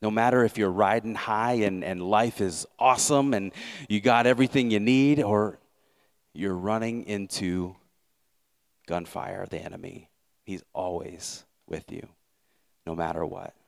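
Brief: male preacher, low voice, earnest sermon delivery with restarts. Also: measured pace, vocal fry. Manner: earnest, repeats words as he builds a point. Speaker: pastor.

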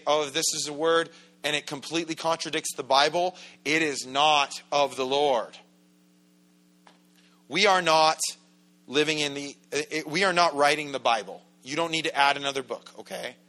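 A man's voice: fairly high pitch, pushed and bright. A man preaching a sermon as pastor in a church, in a conversational, joking way that acts out quoted voices. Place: church sanctuary.

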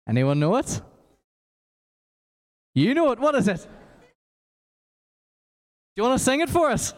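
A man with energetic, encouraging delivery leading a quiz for children in a church. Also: on the high side, moderate pace, pauses often. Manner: energetic, encouraging, talks to a crowd. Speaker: children's worship leader running a quiz. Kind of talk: lively church address to children. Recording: echoey church hall.

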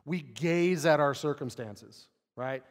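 Earnest man preaching in a reverberant hall. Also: takes it slowly. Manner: earnest, rhetorical questions, drops to quiet low reading of scripture. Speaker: pastor. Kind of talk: sermon.

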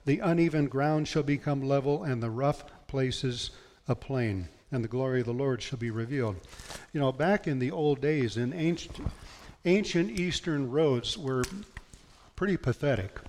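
A man's voice: medium pitch, moderate pace, a little mellow, slight background noise. A male pastor preaching a sermon, reading scripture aloud in an earnest, emphatic way. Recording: long hall reverb.

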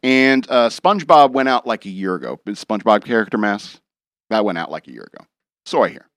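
A man's voice: lowish voice, animated, a little fast, a bit bright, dry recording, clean studio sound. A man rambling through a wry, jokey monologue as a show host, chuckling now and then.

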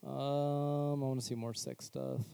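Brief: man reading an article aloud, warm and mellow tone, wry asides between sentences. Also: medium pitch, steady tone, unhurried, creaky, clear, resonant tone, dry recording, low-quality recording. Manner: casual, wry asides between read passages.

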